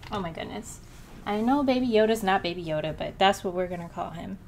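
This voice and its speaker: A woman hosting a gaming video, chatting in a bubbly, excitable let's-play style. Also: mid-range voice, a little fast.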